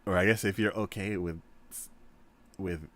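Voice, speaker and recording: Male gaming host, low and bright, slow and very expressive, laughs often, casual storyteller. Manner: laughs often, retells scenes in animated voices. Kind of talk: casual chat while gaming.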